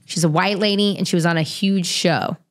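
Lively, profane storytelling woman. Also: lowish voice, a little fast. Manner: profane, animated, self-mocking. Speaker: interview guest. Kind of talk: casual storytelling.

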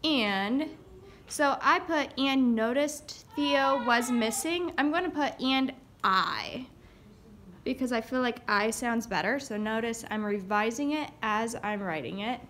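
A young woman teacher giving a recorded writing lesson, saying each word slowly aloud as she writes it down. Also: a little high, animated, a bit bright. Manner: slow, dictating words aloud as she writes. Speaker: elementary school teacher.

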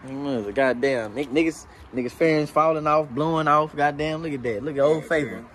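A man's voice: fairly high pitch, brisk, a little hiss or hum. A man with a Dallas accent casually telling a story to friends, acting out what people said and laughing often. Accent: Dallas, Texas. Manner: animated, acts out quotes, laughs often. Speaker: vlogger. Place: outdoors by motorcycles.

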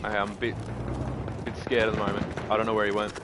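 An Australian man streaming a shooter game in casual commentary, excitable and swearing often as he chats with viewers. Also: lowish voice, fast, very noisy. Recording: loud gunfire over the voice. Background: loud game gunfire and explosions.

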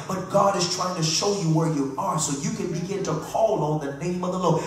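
A man preaching a fervent Pentecostal sermon that swings from low talk to loud cries, calling on the congregation to answer him. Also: fairly quick, hardly any pauses, far from the mic. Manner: calls on the congregation to respond. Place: church sanctuary. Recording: echoey church hall with faint music.

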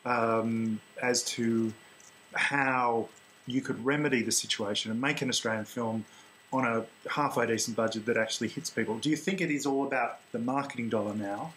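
A man puts long questions to a guest, with a voice in an ordinary middle pitch. He hesitates often and winds around before reaching his point. Faint background noise runs beneath him. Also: steady tone, normal speed, a bit bright, poor audio. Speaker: interviewer. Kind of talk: audience or host question.

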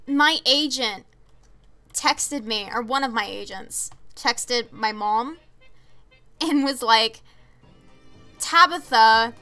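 Young woman chatting on a game stream, bright high-ish voice, laughs a lot, music in the back. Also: takes it slowly. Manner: chatty, reads chat aloud, laughs often. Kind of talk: casual live-stream chat.

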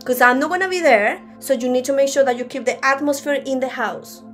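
High-voiced woman preaching. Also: fairly quick, soft background music. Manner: conversational with frequent restarts. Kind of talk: sermon. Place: church service.

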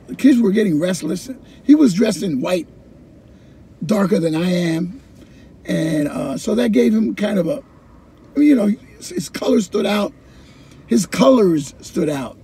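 A middle-aged man, a former ESL teacher, telling his personal story in an animated way, repeating phrases and acting out his own past thoughts. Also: high voice, a little hiss or hum.

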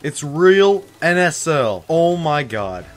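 A man giving live commentary over a game into a headset, gushing and excitable like a starstruck fan. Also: on the high side, takes it slowly, over music. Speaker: gaming YouTuber.

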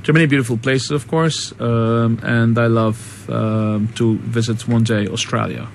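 Man from Malta, radio guest, hesitant chatty manner, low-ish voice, faint background hiss. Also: steady tone, normal speed, vocal fry. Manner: hesitant, many ums, enthusiastic. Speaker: guest singer. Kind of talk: casual radio interview.

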